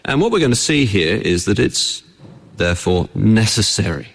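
A man with a lowish voice preaches a sermon in a church. His delivery is conversational, full of rhetorical questions to the congregation. A long hall reverb trails each phrase. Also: big pitch swings, moderate pace, creaky. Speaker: pastor.

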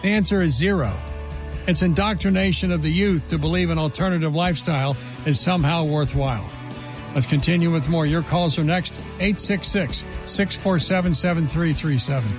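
A man's voice: a little high, normal speed, over music. A man hosting a talk radio show, delivering an emphatic, indignant monologue full of rhetorical questions into a studio microphone.

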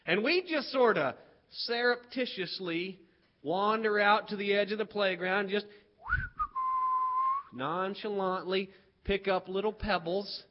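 A man from West Virginia telling a humorous story in a lively, animated way. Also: sits high. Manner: animated, lively delivery with playful character voices. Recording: dull lo-fi recording.

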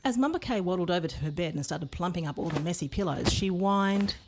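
A woman reading a children's storybook aloud in an expressive, playful way. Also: lowish voice, fast, noisy background.

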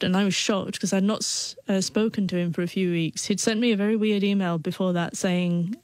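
In an interview, a female guest tells a story from her own life, often stuttering, repeating sounds and restarting. Her medium-pitched, slightly mellow voice is fairly even and quick with few pauses, and has no echo.

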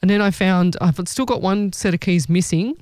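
A woman chats her way through a live reading session as a psychic medium, wandering off on tangents and laughing easily. Her voice is smooth and resonant. It is recorded close and dry, with no room sound. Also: lowish voice, normal speed, a little mellow, no echo. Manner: chatty, rambling, laughs often. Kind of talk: casual live reading chat.

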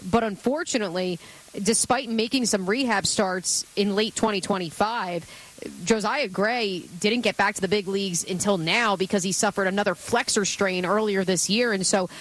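A woman co-hosting a sports radio show, talking through game news in quick, casual conversation with fillers. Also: medium pitch, fairly bright tone, rough recording.

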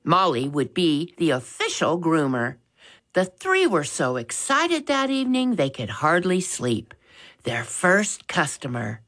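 Slow, expressive woman storyteller. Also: low voice. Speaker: audiobook narrator. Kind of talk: storybook narration.

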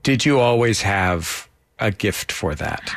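A male interview host with a lively voice that rises and falls a lot as he jokes. He sounds playful and quick to tease. The recording is dry and close. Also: lowish voice, gravelly, no room sound. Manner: playful, joking. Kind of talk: interview conversation.

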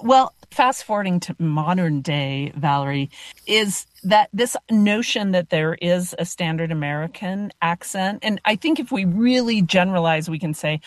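Woman host, lowish voice, conversational, dry studio sound. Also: expressive, moderate pace, dry recording. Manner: conversational, anecdotal. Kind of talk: radio interview chat.

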